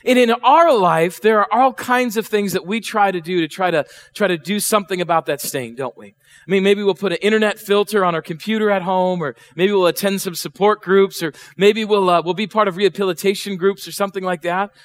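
A man's voice: sits high, brisk, fairly bright tone. A middle-aged man preaching a sermon, chatty and full of questions to the congregation. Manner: conversational, asks the congregation questions, acts out voices. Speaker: pastor. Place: church.

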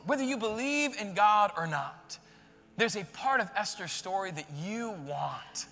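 Bright high-voiced preacher in a reverberant hall. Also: male voice, a little slow. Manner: animated storytelling with slangy retellings. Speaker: pastor. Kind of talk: sermon.

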